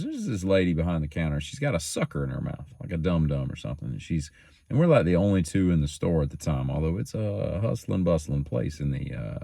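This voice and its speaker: A man with a low voice tells loose, rambling stories, joking at his own expense. His pitch swings widely as he talks, and the sound is dry and close. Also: creaky, no echo. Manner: joking, self-teasing, wanders off topic. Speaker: daily show host. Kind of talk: rambling casual storytelling.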